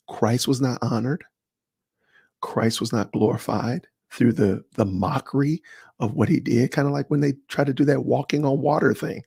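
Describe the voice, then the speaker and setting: A man hosting a livestream, chatting casually and answering viewers by name in an animated, slangy way. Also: medium pitch, creaky, slightly rough, dry recording, studio quality. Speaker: livestream host. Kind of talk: casual livestream chat reading comments.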